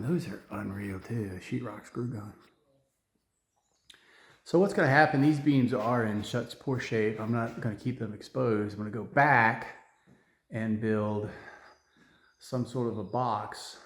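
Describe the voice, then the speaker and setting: A man's voice: lowish voice, measured pace, roomy sound. A man talking to the camera while he works on his house renovation, thinking aloud in a rambling way and restarting his words. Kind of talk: on-site vlog talk to camera. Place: indoors in a house under renovation.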